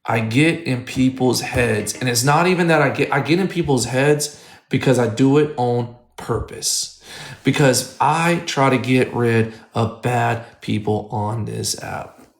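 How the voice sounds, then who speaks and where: A man's voice: mid-range voice, unhurried, gravelly. A man on a live stream, ranting to his chat in a heated, profane way and repeating his points. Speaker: livestreamer addressing chat. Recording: echoey room.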